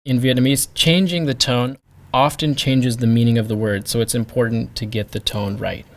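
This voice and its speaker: A man's voice: mid-range voice, steady tone, normal speed. A man teaching pronunciation, carefully demonstrating each sound. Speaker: language teacher. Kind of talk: pronunciation lesson.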